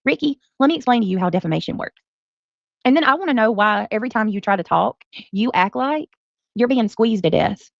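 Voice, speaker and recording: A woman's voice: on the high side, lively intonation, brisk, gravelly, no echo. A woman streamer ranting angrily at a rival, confrontational, sarcastic and profane. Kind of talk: angry livestream rant. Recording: dull lo-fi stream audio.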